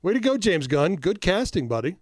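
A man co-hosting a podcast in casual chat, speaking emphatically with profanity and fast excited bursts. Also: high-pitched, no room sound, studio quality. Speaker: podcast co-host.

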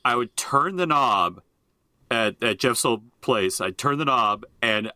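A man co-hosting a podcast who tells stories with a lively, swooping delivery and a bright, forceful tone. He swears freely in casual banter. The recording is close and dry. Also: medium pitch, slow, dry recording. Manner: animated, profane, laughs at own stories. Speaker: podcast co-host.

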